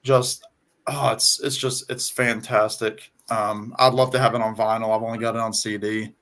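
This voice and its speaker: Southern twangy man, halting chat. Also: lowish voice, flat delivery, a bit bright. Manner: halting, many ums and restarts. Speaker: guest on music chat. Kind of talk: casual conversation.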